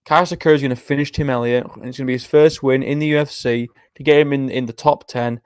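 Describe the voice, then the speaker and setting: A man's voice: mid-range voice, smooth, no room sound. Young guy streaming, knackered and yawning, swears a lot, dry close sound. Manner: chatty, swears often, reads chat aloud. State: tired, yawning. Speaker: livestream host making fight predictions. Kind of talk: casual chat.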